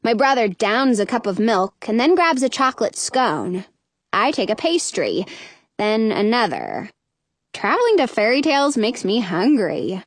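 A woman narrating a children's chapter book in the first person. She reads slowly and expressively, her fairly high voice rising and falling a great deal, recorded close and dry. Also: dry recording. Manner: expressive, storytelling. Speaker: audiobook narrator.

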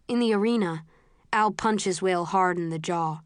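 A woman reading a first-person audiobook in a measured, low-key way. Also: dry recording, clean studio sound. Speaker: audiobook narrator.

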